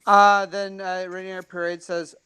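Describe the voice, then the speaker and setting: A man's voice: sits high, level tone, a little slow, pushed and bright, clean tone, no echo. A young man on a beer review panel, reading out viewer comments in casual chat and often stammering and restarting.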